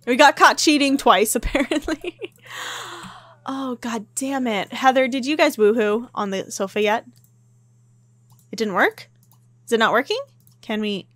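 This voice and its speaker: Slow-talking, chatty woman gamer. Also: a little high, no room sound. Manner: chatty and excitable, with gasps and laughs. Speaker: gameplay commentator. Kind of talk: casual let's-play commentary.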